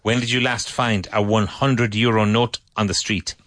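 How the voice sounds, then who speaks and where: A man's voice: on the low side, steady tone, moderate pace, a bit bright. A man teaching an English conversation class, asking drill questions and patiently correcting and praising his students.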